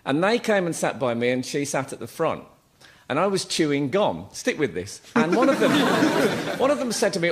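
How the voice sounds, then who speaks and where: A man's voice: medium pitch, sing-song, moderate pace. A man telling a long anecdote on a comedy panel show in a TV studio, rambling and hesitant, with many ums. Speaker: panel guest.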